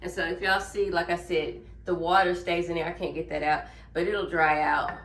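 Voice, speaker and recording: A woman's voice: fairly low pitch, fairly even intonation, moderate pace, a bit bright, far from the mic, slight background noise. A woman from Memphis with a Southern accent, chatting casually to viewers while she cleans up in her home kitchen. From Memphis, Tennessee. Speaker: vlogger. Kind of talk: casual lifestyle vlog. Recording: roomy, from off the mic.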